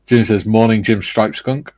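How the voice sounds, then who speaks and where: A man's voice: on the low side, a little mellow. A man hosting a casual hobby livestream, reading viewer comments aloud and chuckling often. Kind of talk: casual group chat on a modelling stream.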